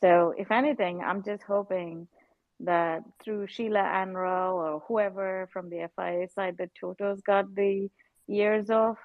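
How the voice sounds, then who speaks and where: A woman's voice: mid-range voice, fairly even intonation, unhurried, dry recording, narrow, tinny audio. A woman giving her strong, indignant view in a casual live chat, repeating words for emphasis. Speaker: panelist.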